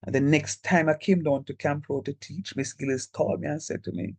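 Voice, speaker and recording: Teaching math online by video call, a Jamaican-accented lecturer speaks to his students directly and chattily, code-switching into local speech. His fairly high voice is gravelly with a breathy edge, fairly even in intonation, and fairly quick with few pauses. No room sound is audible.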